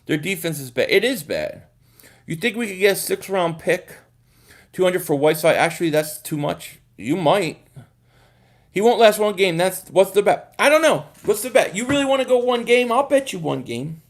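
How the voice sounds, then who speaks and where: High-voiced man hosting a sports live stream. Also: expressive, normal speed. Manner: casual, thinks aloud, repeats words. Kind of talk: live-stream chat reading viewer comments.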